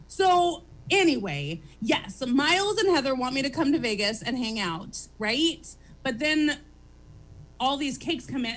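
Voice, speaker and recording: Loud, excitable high-voiced woman. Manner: loud, excitable, rapid rambling. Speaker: comedian guest. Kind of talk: casual chat.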